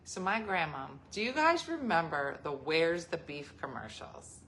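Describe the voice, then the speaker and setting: A woman's voice: low-pitched, measured pace, a little hiss or hum. A woman in her forties hosting a casual chat, telling family stories with lots of laughter. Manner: laughing, animated storyteller. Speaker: host.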